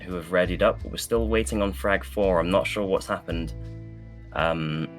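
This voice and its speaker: A man casting a live esports match, chatting loosely with many fillers while he fills the pauses. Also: sits low, faint music behind. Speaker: esports caster.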